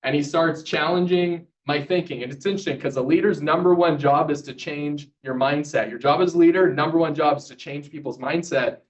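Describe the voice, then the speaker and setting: Young man, motivational speaker, higher voice, energetic, quizzing the crowd, distant dull recording. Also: fairly quick, hardly any pauses. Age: 20s. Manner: energetic, polls the crowd, storytelling. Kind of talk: speech to a live audience.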